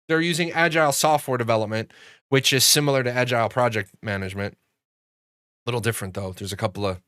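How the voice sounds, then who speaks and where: A man's voice: medium pitch, fairly bright tone, clean tone, no echo, clean studio sound. A man hosting a gaming channel, talking casually and at length, swearing freely and acting out bits of dialogue as he tells a story. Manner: profane, rambling, acts out dialogue in storytelling. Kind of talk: casual commentary monologue.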